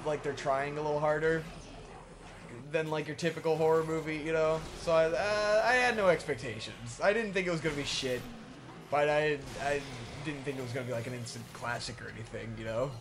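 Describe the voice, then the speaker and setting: A man's voice: fairly high pitch, brisk, noisy background. A man co-hosting a casual gameplay chat, rambling and self-deprecating, swearing and trailing off mid-thought. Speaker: co-host. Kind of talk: casual chat during a game playthrough.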